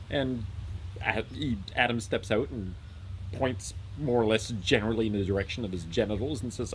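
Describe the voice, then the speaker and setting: A man casually retelling a story with lots of fillers and a deadpan, rambling manner. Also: mid-range voice, normal speed, slight background noise, rough recording. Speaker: comedic storyteller.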